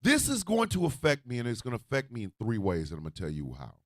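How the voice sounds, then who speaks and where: A man hosting a radio show, ranting in a profane, fiery way and often shouting. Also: mid-range voice, wildly swooping pitch, fast talker, no room sound, studio quality, a faint crowd.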